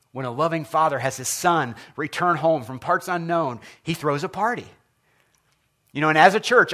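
Earnest preacher with a higher male voice. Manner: earnest, expressive preaching, asks the audience questions. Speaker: pastor. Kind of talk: sermon.

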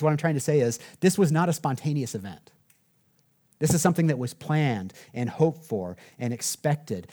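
A man's voice: fairly high pitch, warm tone. A man preaching a sermon in a conversational way, often checking in with listeners and adding humor. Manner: conversational, asks the audience "right?", jokes. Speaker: pastor.

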